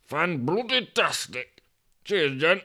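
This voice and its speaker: A man's voice: on the high side, very animated, slow pace, bright, forceful tone, pitched above the performer's own voice, full character voice. A man voicing a lazy, contented slob stuck in a sofa, drawling.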